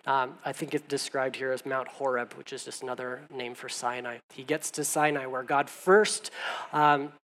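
A man preaching a sermon in a conversational way, growing animated as he reads scripture aloud. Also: mid-range voice, moderate pace. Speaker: pastor.

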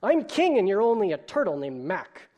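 A man voicing a boastful, greedy male turtle king in a storybook reading, loud and commanding. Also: high-pitched, sing-song, moderate pace, lo-fi sound, pitched above the performer's own voice.

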